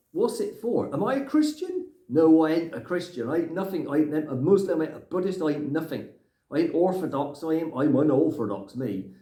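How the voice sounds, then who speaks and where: A man's voice: on the high side, mellow, close to an everyday voice. A man playing a grumpy older Englishman who rambles and rants in a comic monologue, tagging his lines with "right?". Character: grumpy older Englishman ranting about clutter. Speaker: comic character. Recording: echoey room.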